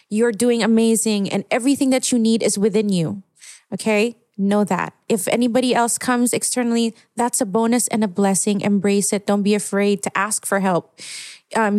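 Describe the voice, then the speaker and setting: Podcast guest, woman, 30s, from the Philippines; heartfelt, laughs easily, English with Tagalog; mid pitch, dry close sound. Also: darkish tone, no echo. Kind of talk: casual podcast chat.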